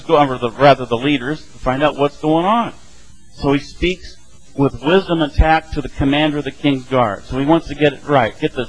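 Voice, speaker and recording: A man's voice: fairly high pitch, poor audio. A middle-aged man teaching a casual Bible study, talking conversationally and acting out the voices of the people in his stories. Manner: conversational, acts out quoted voices.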